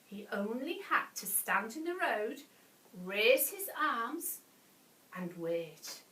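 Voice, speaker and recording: A woman reading a bedtime story to children, animated, with gasps and playful asides. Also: a little high, takes it slowly, recorded from a distance. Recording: echoey room, voice off-mic.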